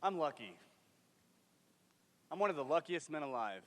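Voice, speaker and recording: Young man, veteran, frank conversational storyteller, a bit high in pitch, big reverberant theater sound. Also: big pitch swings, normal speed. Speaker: military veteran. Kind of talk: staged personal storytelling. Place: theater stage. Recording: long hall reverb from a stage.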